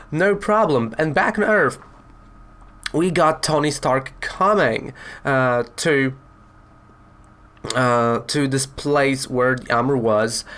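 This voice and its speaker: Guy rambling thru a comic review, chatty, middle pitch, lots of um and you know. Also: fairly bright tone. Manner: chatty, rambling with fillers and retellings.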